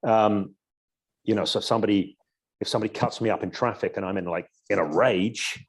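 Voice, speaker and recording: Husky low-voiced man explaining hypnosis. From Edinburgh, Scotland. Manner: reflective, explains with examples, drops into a slow soothing hypnotic voice. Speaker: hypnosis coach, podcast guest. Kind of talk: casual interview conversation.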